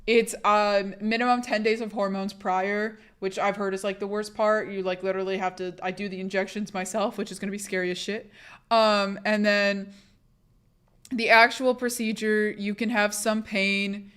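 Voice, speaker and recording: A young woman streamer with a hoarse voice from laryngitis, chatting candidly and with swearing on a live stream, bursting louder when she greets viewers. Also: medium pitch. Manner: candid, profane, rambling; bursts loud greeting raiders. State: sick, laryngitis. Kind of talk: casual live-stream chat.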